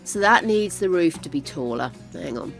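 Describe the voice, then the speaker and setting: An older woman chatting to viewers while playing a game on a live stream, easily excited. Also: lowish voice, moderate pace, soft background music. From United Kingdom. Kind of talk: casual live-stream chat while gaming.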